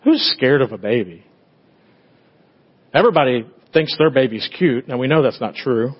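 A middle-aged man, a pastor, preaching a conversational sermon, swinging between loud bursts and hushed tender moments. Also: medium pitch, lively intonation, normal speed, slightly rough, lo-fi sound.

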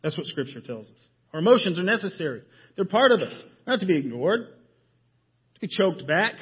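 A man preaching a sermon in a church, emphatic and full of rhetorical questions, often dropping his voice low to stress a point. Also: big pitch swings, a little fast, husky, muffled recording. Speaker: pastor. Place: church sanctuary.

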